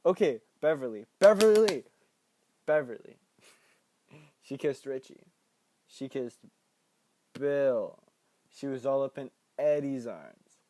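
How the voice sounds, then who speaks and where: Mellow young man recapping a movie. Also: medium pitch, slow, long pauses, dry recording. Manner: playful, laughs often, bursts into excited quoted voices. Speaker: podcast host recapping a film.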